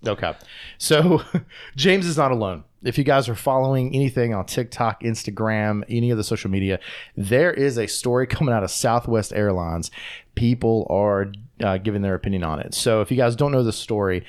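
A man's voice: lowish voice, moderate pace, clean tone. Laughing male podcast host. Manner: retells a news story, laughs often. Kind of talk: casual podcast chat.

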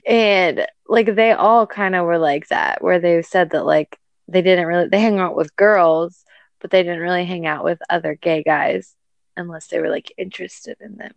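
A woman's voice: on the low side, normal speed, creaky, no room sound, highs cut off. A woman co-hosting a casual podcast, rambling, laughing often and swearing freely. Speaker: podcast co-host.

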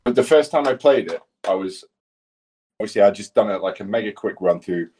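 A man's voice: on the low side, animated, a little fast, warm tone, a little hiss or hum. A man co-hosting a podcast, rambling through sweary stories in casual chat. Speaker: podcast co-host.

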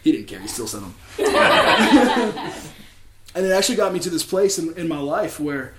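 Guy sharing his faith story, laughs a lot, gets soft n emotional, roomy echo. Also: on the high side, big pitch swings, moderate pace, over a noisy crowd. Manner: earnest, laughs often, drops quiet when emotional. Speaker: church speaker. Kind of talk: personal testimony.

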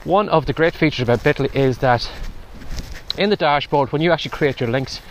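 A podcast host with a fairly high pitch walks outdoors through heavy wind and rain, talking fairly quickly. He's a bit breathless as he offers chatty advice for his casual vlog.

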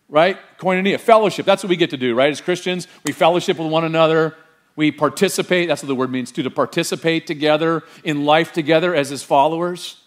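Man pastor, middle-aged, high-pitched, animated sermon delivery. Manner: animated, quizzes the congregation with rhetorical questions.

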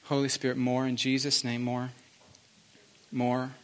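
A man pastoring a church service, leading a fervent prayer with repeated pleas, sometimes hushed. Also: mid-range voice, monotone, measured pace, clear, resonant tone. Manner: fervent repeated pleading, soft and hushed at times. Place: church sanctuary.

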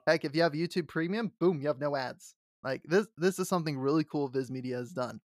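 A man co-hosting a fantasy podcast in casual chat, excitable and laughing often, stumbling over his words. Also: on the high side, fairly quick, dry recording, clean studio sound. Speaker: podcast co-host.

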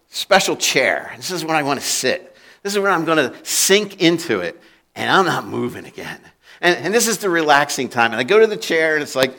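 Lively, animated male pastor. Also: a little high. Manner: conversational, acts out quoted voices, restarts and repeats words. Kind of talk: sermon.

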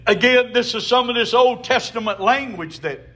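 A man's voice: extremely high pitch, moderate pace, bright, forceful tone. A man preaching a sermon as a pastor, emphatic, with call-and-response to the congregation.

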